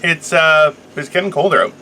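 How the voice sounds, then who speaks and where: A man's voice: a little high, normal speed, very noisy. A young man co-hosting a casual podcast, joking, teasing his co-host and rambling through offbeat theories.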